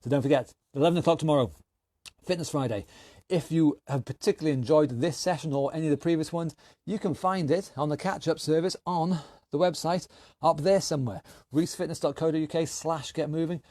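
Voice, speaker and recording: A man coaching an online workout class, energetic and encouraging as he calls out moves, slightly out of breath. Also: fairly high pitch, a little fast, no room sound, studio quality. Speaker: fitness instructor.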